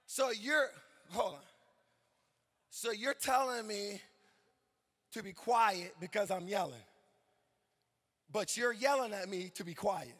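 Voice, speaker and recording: A man preaching a fiery sermon in a very high, bright voice with a husky edge. He shouts and chants his lines in a sing-song preaching rhythm and hammers the same phrases again and again. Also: slow pace, pauses often. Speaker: pastor. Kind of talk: impassioned sermon.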